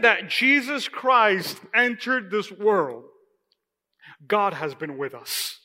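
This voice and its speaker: A man with a high, bright, ringing voice preaches to his congregation. He tells a personal story in a loose, conversational way, dotted with "you know." His voice trails off into a long church-hall echo. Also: big pitch swings, takes it slowly. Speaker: pastor. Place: church sanctuary.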